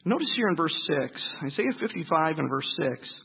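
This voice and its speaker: High-voiced husky preacher man. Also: big pitch swings, normal speed, muffled recording. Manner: dynamic delivery, swinging between loud emphasis and hushed low lines; asks the congregation questions and answers them. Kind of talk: sermon.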